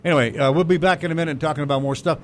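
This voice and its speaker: A man's voice: fairly high pitch, steady tone, racing, a little hiss or hum. A man hosting a local talk radio show, joking and chatty. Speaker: radio host. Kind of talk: casual talk radio chat.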